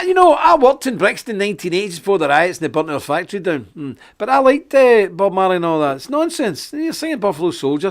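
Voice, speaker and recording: A middle-aged Scottish man hosting a live online show, ranting indignantly with sarcastic asides. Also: high-pitched. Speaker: host.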